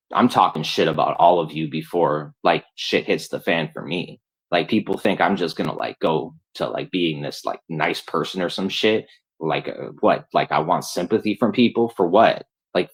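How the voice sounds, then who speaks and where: Profane, furious low-voiced man. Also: low-quality recording. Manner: heated, profane, repetitive. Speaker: livestreamer. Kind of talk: angry livestream rant.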